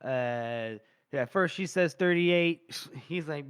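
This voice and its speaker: A male podcast co-host with a slightly high voice, retelling a story in an animated way with frequent laughs and restarts. The sound is dry and close, with no room around it. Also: takes it slowly, clear, resonant tone, no echo. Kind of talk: casual book discussion.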